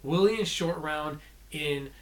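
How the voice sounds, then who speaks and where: Exasperated man ranting about movies. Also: slow pace. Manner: exasperated, rambling, restarts and self-corrections; mocking quotes in a shrill put-on voice. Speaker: movie vlogger. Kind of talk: casual ranting movie review.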